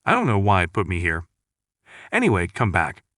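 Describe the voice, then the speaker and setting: A man's voice: low-pitched, wildly swooping pitch, a little fast, fairly bright tone, no room sound, clean studio sound, voice pushed down, full character voice. A man reading the lines of a brash dead warrior ghost who boasts and mocks, in a recap narration. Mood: annoyed. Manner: boastful, scolding, mocking. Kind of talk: recap narration with read-out dialogue.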